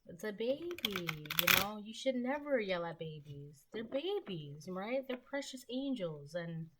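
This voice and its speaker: A woman's voice: medium pitch, big pitch swings, measured pace, very noisy. A woman giving a casual collective tarot reading, rambling and chatty, with frequent ums and the odd casual swear word. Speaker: tarot reader.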